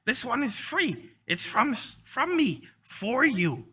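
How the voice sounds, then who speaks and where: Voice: medium pitch, big pitch swings, slow, sharp tone, slightly rough, voice pushed up, heavily acted. A game master voicing an eager young female kobold fish seller who talks in broken, gushing phrases. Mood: warm. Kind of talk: tabletop role-play voice.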